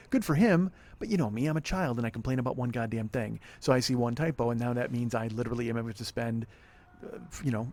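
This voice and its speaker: A man's voice: medium pitch, vocal fry, darkish tone. A man hosting a solo podcast outdoors by an apartment pool, frustrated and swearing as he rambles. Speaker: podcast host. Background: wind and planes overhead.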